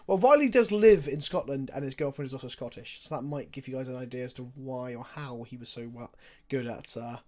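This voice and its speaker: A man's voice: mid-range voice, brisk, few pauses, darkish tone. A young man chatting casually on a live stream, talking through his card game plays and answering viewer questions.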